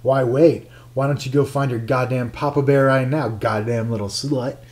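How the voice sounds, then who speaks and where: A man's voice: medium pitch, normal speed, warm tone, close to an everyday voice. A man voicing a jealous, angry male lover who sounds bitter and accusing.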